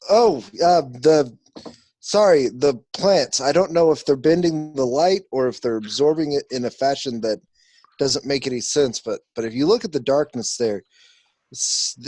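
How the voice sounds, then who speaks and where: A man playing an excited absent-minded scholar. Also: medium pitch, a little slow, no room sound, lightly acted. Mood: fascinated. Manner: excited, rambling, fascinated by plants. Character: curious male scholar adventurer, absent-minded.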